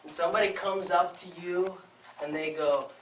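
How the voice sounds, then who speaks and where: A man from Venezuela giving a prepared contest speech to a live audience, telling his story with expressive, dramatic pauses. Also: sits high. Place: club meeting room before a live audience. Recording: echoey room, distant mic, faint noise.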